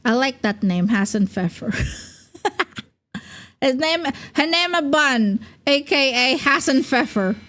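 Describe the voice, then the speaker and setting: Slow, giggly young woman streamer. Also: high voice, expressive, fairly bright tone. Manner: rambling, giggly, full of fillers. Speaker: VTuber streamer. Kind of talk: casual livestream chat.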